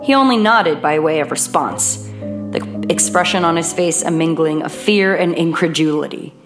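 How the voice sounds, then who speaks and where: A woman narrating a horror audiobook in a measured, even reading voice. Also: deep voice, music in the background.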